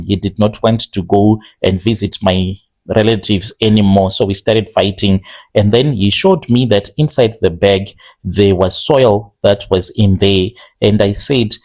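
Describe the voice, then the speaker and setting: A man telling a strange first-person confession in a plain, steady way, slowing down now and then on careful phrases. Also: lowish voice. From Zimbabwe. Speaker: confession storyteller.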